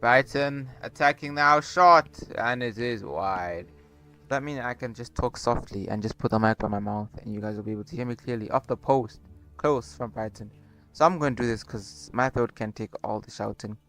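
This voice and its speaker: Young guy doing football game commentary at home on his brother's mic, gets hyped on chances, rambles a lot, mid pitch. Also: normal speed, faint music behind. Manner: excitable play-by-play, rambling asides. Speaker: gaming YouTuber. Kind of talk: casual gameplay commentary. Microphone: borrowed cheap microphone.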